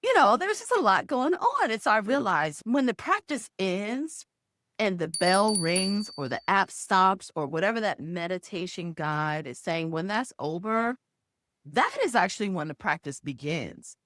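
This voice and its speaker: A woman's voice: mid-range voice, a little slow, no echo, studio quality. A middle-aged woman telling a personal story to camera, acting out sounds and voices as she goes. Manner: expressive storyteller who acts out sounds and voices. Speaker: video host and former HR executive.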